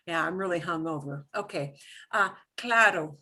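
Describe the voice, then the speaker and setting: A woman's voice: fairly low pitch, unhurried, noisy background. A woman teaching a beginner Spanish class, patiently explaining sounds step by step and repeating words for students to echo. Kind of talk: beginner language lesson.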